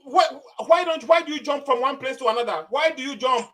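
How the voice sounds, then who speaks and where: Man debater, pushy and persistent, high and quick. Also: fairly bright tone. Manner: insistent, repeats his questions. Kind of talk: heated religious debate.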